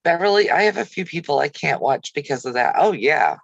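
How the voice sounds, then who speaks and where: A woman's voice: sits low, big pitch swings, a little fast, creaky, no room sound, lo-fi sound. A woman hosting a casual livestream chat, talking easily and answering viewer comments by name. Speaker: craft channel host.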